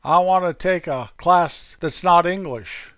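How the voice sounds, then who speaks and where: A man voicing Forky, an earnest, goofy high school freshman boy, in a raised voice. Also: unhurried, a bit bright, smooth, dry recording.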